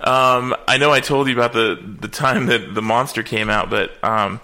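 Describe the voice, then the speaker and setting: A man's voice: medium pitch, fairly even intonation, normal speed, pushed and bright. A man around forty hosting a casual chat, telling stories in a laid-back way, swearing and trailing off with fillers. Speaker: comedian, host.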